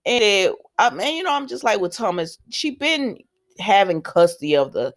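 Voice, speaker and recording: A woman's voice: medium pitch, big pitch swings, moderate pace. Chatty woman recapping a soap. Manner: chatty, retelling scenes with fillers and asides. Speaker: soap opera recap host. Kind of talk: casual recap vlog.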